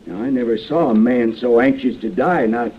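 A man's voice: medium pitch, moderate pace, close to an everyday voice. A man playing a blustering fake marshal who is a coward underneath, in an old radio drama. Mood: stern. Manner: stern commands turning to begging. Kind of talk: 1950s radio drama acting. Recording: muffled old radio broadcast.

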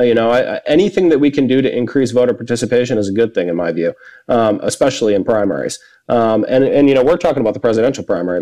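Guy debating, lowish mellow voice, keeps restarting his sentences. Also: low-quality recording. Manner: halting, many fillers and restarts. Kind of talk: formal debate argument.

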